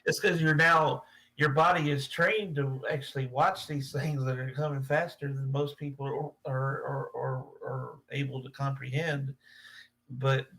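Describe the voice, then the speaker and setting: Bright-voiced man explaining in casual chat. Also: medium pitch, little pitch movement, measured pace, rough recording.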